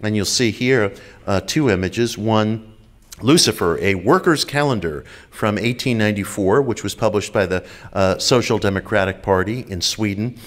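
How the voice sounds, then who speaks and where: A man's voice: lowish voice, moderate pace. A man giving a public lecture in an enthusiastic, wry way, with frequent fillers.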